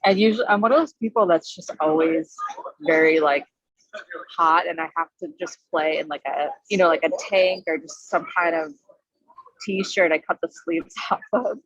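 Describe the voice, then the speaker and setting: A woman's voice: on the low side, lively intonation, normal speed, dry recording. A woman with a Long Island accent, a drummer chatting casually as a guest on a video call, often laughing as she talks. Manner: laughs while talking, easygoing. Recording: dry, dull video call audio.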